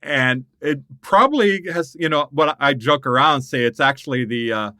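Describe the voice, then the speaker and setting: Bright-voiced middle-aged man telling stories. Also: medium pitch, normal speed, no room sound, studio quality. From United States. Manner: animated storyteller, laughs often. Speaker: guest writer. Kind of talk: conversational interview storytelling.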